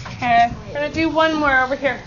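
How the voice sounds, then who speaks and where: High-pitched upbeat woman teaching a class. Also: steady tone, background noise. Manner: upbeat, brisk, call-and-response countdowns. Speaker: math teacher. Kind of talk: classroom instruction. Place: school classroom. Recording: dull lo-fi classroom recording with student chatter.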